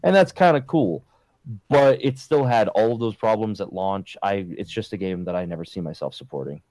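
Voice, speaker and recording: Low-voiced laid-back man, dry sound. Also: brisk, warm tone, dry recording, low-quality recording. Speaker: podcast co-host and streamer. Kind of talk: casual chat.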